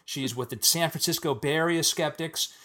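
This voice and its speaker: A man hosting a podcast, introducing guests in loose, halting casual chat and laughing often. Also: on the high side, pushed and bright. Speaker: podcast host.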